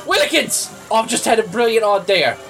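Pompous rich english toff voiced by a woman, lively swooping delivery, gushing and clueless. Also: fairly high pitch, normal speed, creaky, soft background music. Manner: posh, gushing, oblivious. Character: wealthy, excitable, pompous English gentleman. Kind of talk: comedy audio drama.

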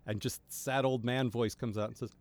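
A man's voice: mid-range voice, fairly even intonation, normal speed. A man co-hosting a podcast, reviewing a cartoon in casual chat with exasperated, cynical rants. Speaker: podcast co-host.

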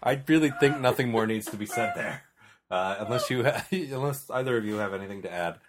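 A man with a fairly low voice hosts a podcast and reads listener mail. He rambles and stumbles over his words in a casual chat. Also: animated, a little fast, noisy background. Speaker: podcast host.

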